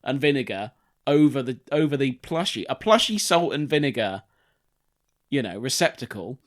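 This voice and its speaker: A man, co-hosting a casual podcast chat, telling a story in an animated, mocking way and swearing freely. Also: medium pitch, moderate pace. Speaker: podcast co-host.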